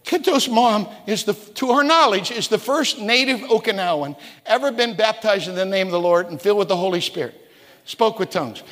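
A man in his sixties from West Virginia preaching a sermon in a church, telling stories, stumbling over repeated words and rising to shouts. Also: sits high, lively intonation, a little fast. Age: 60s. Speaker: pastor. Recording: reverberant church hall.

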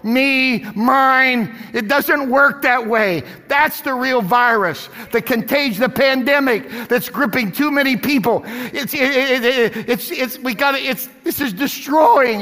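Impassioned high-voiced male preacher. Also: unhurried, hardly any pauses, pushed and bright, in a large hall. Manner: impassioned, repeating phrases for emphasis. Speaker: pastor. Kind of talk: sermon.

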